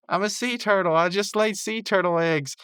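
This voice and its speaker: Brief: bubbly cartoon girl acting out a sea turtle, squealing high, done by a man. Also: normal speed, fairly bright tone, smooth, no echo, clean studio sound. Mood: giddy. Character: excitable young woman pretending to be a sea turtle.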